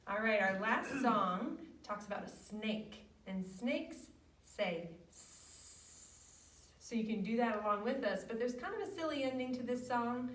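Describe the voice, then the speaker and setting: High-voiced woman leading kids' storytime. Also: lively intonation. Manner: slow, patient, sing-song teaching. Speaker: children's librarian. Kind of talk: storytime for young kids. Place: library room. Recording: echoey room, mic far off.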